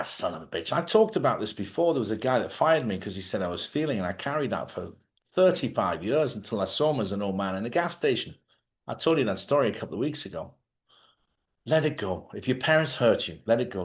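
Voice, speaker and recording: A blunt host who lives in Spain speaks in an everyday, medium-pitched voice during a live advice talk about letting go of the past. Forthright and plainspoken, he addresses his audience directly and swears freely.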